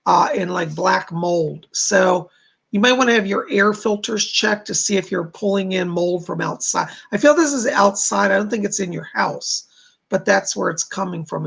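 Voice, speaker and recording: Man, psychic livestream host, gravelly, husky, reassuring, chatty. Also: high-pitched, fairly bright tone. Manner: reassuring, addresses viewers by name, many fillers. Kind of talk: livestream readings, answering viewer donations.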